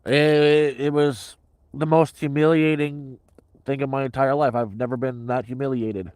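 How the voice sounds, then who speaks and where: Middle-aged guy ranting on his stream, cusses a lot, average pitch. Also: steady tone, a little slow, a little mellow, smooth, dry recording. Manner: blunt, heavily profane, agitated ranting. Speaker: livestreamer. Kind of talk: casual livestream storytelling.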